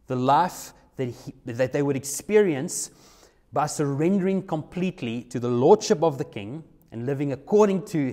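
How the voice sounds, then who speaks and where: A man preaching a sermon, emphatic, slowing down to stress key words. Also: medium pitch, dark tone.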